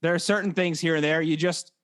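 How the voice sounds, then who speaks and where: A man's voice: on the high side, fairly even intonation, brisk, a bit bright, clean tone. A man co-hosting a podcast, chatting casually and jokingly about a film, often mimicking lines from it. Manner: joking, quotes movie lines in mock voices. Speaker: podcast co-host. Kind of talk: casual chat about a movie.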